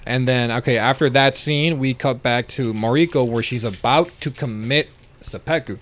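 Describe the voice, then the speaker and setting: Slangy, excitable young male podcaster. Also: mid-range voice, normal speed. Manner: excitable, slangy, says bro and dude. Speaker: podcast co-host. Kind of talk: casual TV recap chat.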